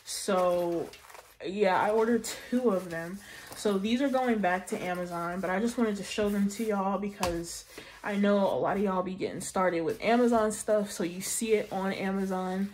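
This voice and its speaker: A woman's voice: medium pitch, moderate pace, slight background noise. Chatty young woman vlogging. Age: 20s. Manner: chatty, animated, slangy and joking. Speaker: budgeting vlogger. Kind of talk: casual chat.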